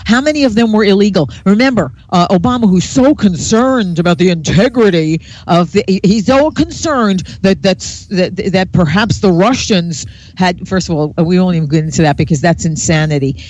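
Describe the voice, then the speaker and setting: A man's voice: sits high, moderate pace, few pauses, darkish tone, muffled recording. A man in casual political chat who scoffs at the other side and speaks with open indignation.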